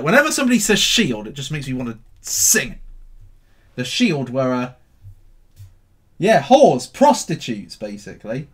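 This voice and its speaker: A man hosting a casual livestream about crypto, answering viewer questions in a cheeky, animated way. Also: mid-range voice, moderate pace, pauses often, breathy edge. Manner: animated and cheeky, swinging between loud bursts and mutters.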